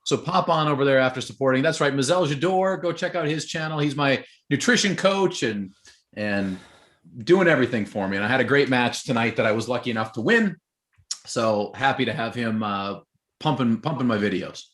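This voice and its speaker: A man's voice: medium pitch, moderate pace, a bit bright. A man co-hosting a live call-in show, chatting casually and upbeat while reading out viewer messages. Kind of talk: casual chat.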